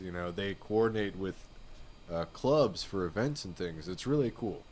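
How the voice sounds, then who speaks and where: Laid-back lower-voiced male streamer. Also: normal speed, slight background noise. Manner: laid-back, rambling, says "dude" and "you know what I mean". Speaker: flight sim streamer. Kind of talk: casual live-stream chat.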